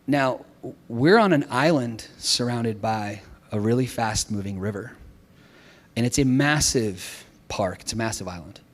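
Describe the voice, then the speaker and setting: A male pastor in his thirties telling a personal story in a sermon, moving from brisk, lively narration to hushed, emotional passages. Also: mid-range voice, big-room sound.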